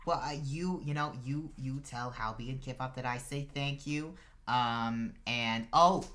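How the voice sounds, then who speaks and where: A man's voice: medium pitch, sharp tone. A man voicing a harried half-orc mother who fusses at her son and welcomes guests. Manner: fussy, scolding then hospitable.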